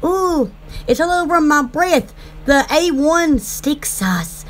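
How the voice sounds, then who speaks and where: A woman's voice: high-pitched, expressive, slow pace. A woman, chatting in a rambling, bubbly way as an online shop host, often breaking into giggles. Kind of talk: casual rambling chat.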